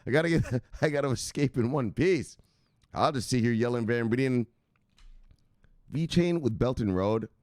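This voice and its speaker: A man's voice: mid-range voice, lively intonation, normal speed, long pauses, darkish tone, dry recording, studio quality. A man hosting a casual vlog, talking loosely with lots of swearing and laughter at home. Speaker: host.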